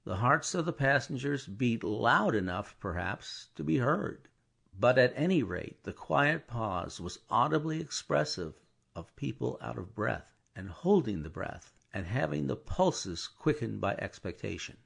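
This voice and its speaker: Male narrator, audiobook reading, gravelly, husky, lively melodic delivery. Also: medium pitch, measured pace. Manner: expressive storytelling. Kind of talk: scripted narration.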